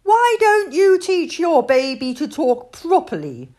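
A woman doing a loud, cheeky little boy. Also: sits high, wildly swooping pitch, slow pace, pitched above the performer's own voice, full character voice. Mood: bossy. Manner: loud and bossy.

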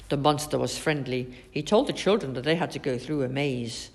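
A woman reading a children's storybook aloud, expressive and animated. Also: extremely low pitch, a little fast, few pauses. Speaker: narrator.

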